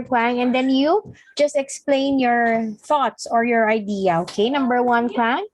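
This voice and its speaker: In an online one-on-one English lesson, a woman patiently coaxes her student along and offers short praise. Her voice is high-pitched and the recording is dry.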